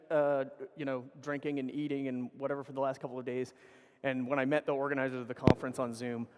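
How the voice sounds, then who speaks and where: A middle-aged man giving a casual, profane, rambling conference talk on stage, correcting himself as he goes. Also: on the high side. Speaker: conference speaker. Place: large conference hall. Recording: reverberant conference hall.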